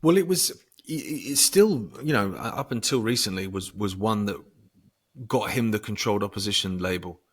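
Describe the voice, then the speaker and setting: A man speaking as a guest in a casual conversation. He swears freely and breaks into bursts of loud emphasis. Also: fairly low pitch, normal speed, slightly rough. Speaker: podcast guest.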